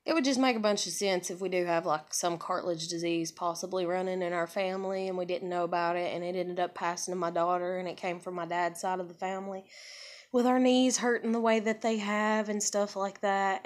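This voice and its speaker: Woman vlogger, lowish voice, frank rambling storyteller, swears a lot. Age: adult with a child. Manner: rambling, frank and profane, with many fillers. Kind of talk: casual personal storytelling.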